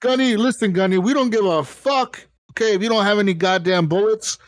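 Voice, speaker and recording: A man voicing a gruff male army commander who bullies his troops with profane orders. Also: high-pitched, brisk, pitched above the performer's own voice, close to an everyday voice. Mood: bossy.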